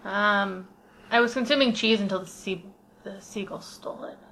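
A woman on a podcast telling a story in a quiet, low-key way in casual chat. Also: normal speed, slight background noise.

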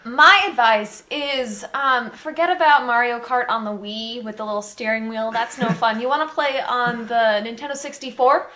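A woman's voice: a little high, normal speed, hardly any pauses, sharp tone. A woman co-hosting a casual podcast, dry and teasing in a playful way. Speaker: podcast co-host. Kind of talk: casual chat.

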